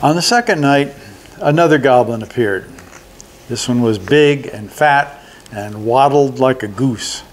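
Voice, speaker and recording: An older man, a resident, reading a holiday children's story aloud in a slow, deliberate way. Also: mid-range voice, animated.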